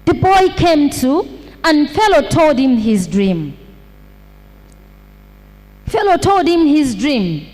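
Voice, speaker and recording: A woman pastor preaching at a slow, deliberate pace, repeating each point for emphasis and putting rhetorical questions to the congregation. Her voice sits high. It rings with long reverb from a church hall. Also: sing-song, darkish tone. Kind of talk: sermon.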